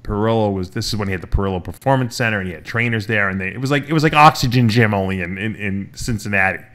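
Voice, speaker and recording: Retelling a long story on his casual podcast, this male host talks quickly in a lower-pitched voice with a fairly bright tone. He rambles, keeps restarting and drops into the quoted words of the story's characters.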